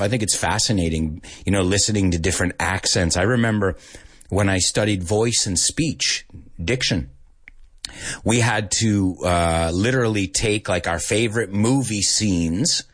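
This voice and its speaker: A man hosting a radio English lesson with a slightly husky voice. His pitch rises and falls a lot as he chats with listeners, and he drops in quick Spanish asides. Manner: chatty, animated, mixes in Spanish asides. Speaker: radio show host and English teacher. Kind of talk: casual on-air English lesson.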